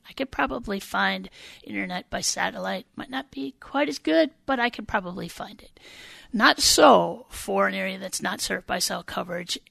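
A woman state senator from Wisconsin, answering radio interview questions in an earnest, deliberate, explanatory way. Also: medium pitch, gravelly, a bit bright, no echo.

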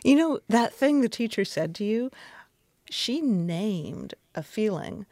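A woman's voice: medium pitch, expressive, slow pace, darkish tone, dry recording. A woman interviewer asking probing, thoughtful questions.

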